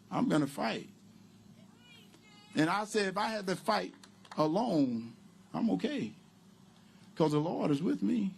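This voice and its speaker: A man giving a campaign rally speech outdoors, preacher-like, building to loud, emphatic lines. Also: high voice, big pitch swings, a little slow, creaky, long pauses, slightly rough. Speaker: political candidate.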